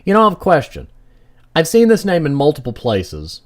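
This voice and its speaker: A man's voice: mid-range voice, sing-song, normal speed. A man hosting a let's play, reading game text and making wry, joking asides.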